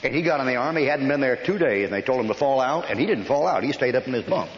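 An older American preacher telling blunt, folksy army stories in a sermon, scolding and emphatic. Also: male voice, medium pitch, expressive, quick pace, slight background noise. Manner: folksy storytelling with rough army anecdotes. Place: church hall. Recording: echoey hall, dull old recording.

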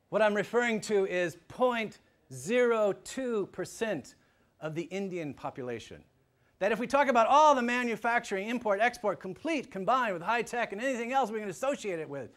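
A man giving a public lecture to a live audience, animated and emphatic, swinging from loud points to hushed asides. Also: high voice, moderate pace. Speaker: guest lecturer.

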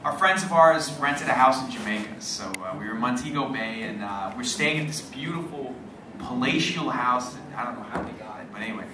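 A man's voice: mid-range voice, brisk. Rambling male voice actor, echoey hall. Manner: rambling, repeats words, laughs while telling. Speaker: voice actor on a convention panel. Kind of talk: casual anecdote on stage. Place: large convention hall. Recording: echoey hall mic from far off, noisy.

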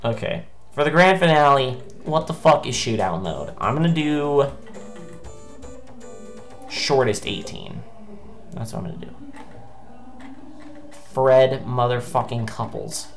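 A woman doing let's play commentary, ranting in exasperation with heavy swearing and sudden bursts of shouting. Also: extremely low pitch, expressive, slow, pauses often, faint music behind, poor audio. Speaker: gameplay commentator.

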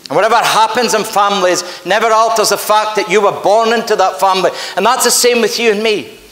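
In a church sanctuary, a Scottish-accented male pastor preaches a sermon, telling stories in an earnest, emphatic way. His voice is high-pitched, brisk and slightly bright. The echoey church hall gives the recording a long reverb.

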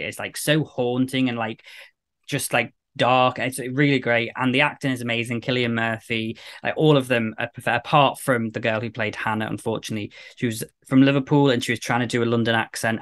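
A man's voice: mid-range voice, fairly bright tone. A man on a casual podcast chat, talking with upbeat enthusiasm about a favorite film. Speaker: podcast co-host.

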